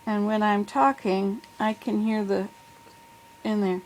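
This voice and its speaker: A woman's voice: medium pitch, slow, rough recording. An older woman giving a casual, rambling video update from home, often correcting herself. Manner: rambling, friendly, self-correcting. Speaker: vlogger. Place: home in the southern US. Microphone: plug-in computer microphone.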